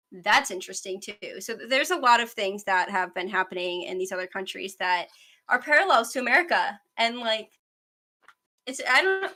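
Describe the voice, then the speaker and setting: Fast-talking woman in her twenties. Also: on the high side, sharp tone. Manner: fast, rambling, self-aware talker. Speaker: podcast host. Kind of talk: casual news chat.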